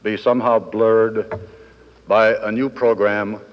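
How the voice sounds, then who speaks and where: A man in his fifties delivers a formal speech with dry wit and deliberate pauses, his voice ringing through a big hotel ballroom. The old 1960s broadcast recording sounds dull, with a long hall echo trailing each phrase. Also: on the low side, fairly even intonation, slight background noise. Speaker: guest speaker at a convention. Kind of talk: formal after-dinner speech.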